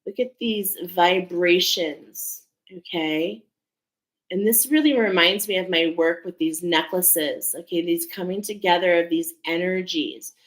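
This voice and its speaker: A woman's voice: fairly low pitch, moderate pace, roomy sound, poor audio. Earnest woman reading oracle cards. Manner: earnest, emphatic, repeats "okay?" often. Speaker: oracle card reader. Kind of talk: spiritual card reading to viewers.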